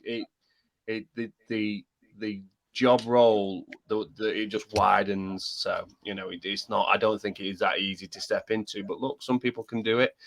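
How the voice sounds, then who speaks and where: A man co-hosting a football podcast, talking in a halting way with many restarts in casual chat. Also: on the low side, a bit bright. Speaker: podcast co-host.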